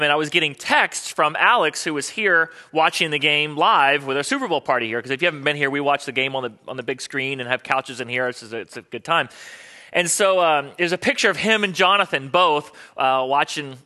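A man's voice: on the high side, a little fast, bright, forceful tone. A middle-aged man preaching as a pastor, telling chatty personal stories in a sermon. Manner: chatty, storytelling, quotes people in voices.

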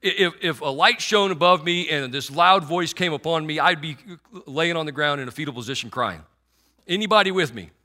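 Chatty, bright-voiced man preaching. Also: fairly high pitch, brisk. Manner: conversational, sarcastic asides, frequent restarts and fillers. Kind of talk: sermon.

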